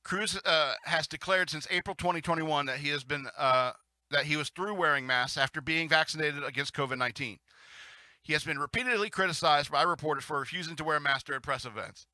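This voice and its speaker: Sharp-toned, chuckling man on talk radio. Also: a little high, fairly quick, no room sound. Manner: rambling, chuckling, frequent restarts. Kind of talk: casual talk radio commentary and news reading.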